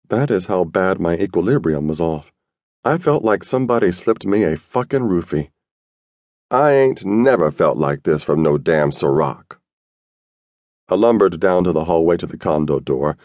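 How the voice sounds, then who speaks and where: A man narrating a first-person audiobook in a streetwise, slangy, gruff manner. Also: sits low, darkish tone, dry recording, clean studio sound.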